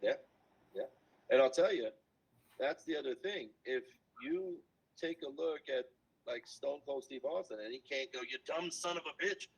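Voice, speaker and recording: A man talking as a podcast guest in a casual storytelling chat, animated and acting out quotes in different voices. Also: medium pitch, a little slow, creaky, slightly rough. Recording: dull lo-fi sound.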